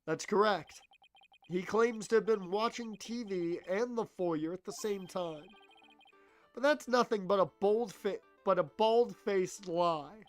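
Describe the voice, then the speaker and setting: A man voicing an earnest young male defense lawyer who argues firmly and deliberately. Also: sits high, soft background music.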